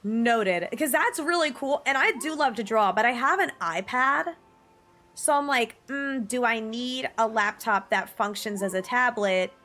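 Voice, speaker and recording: Young female streamer, bright high-ish voice, chatty and giggly, reads out chat, soft music underneath. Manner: bubbly and chatty, quick jumps in pitch, giggly. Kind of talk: casual livestream chat reading viewer messages. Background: faint music.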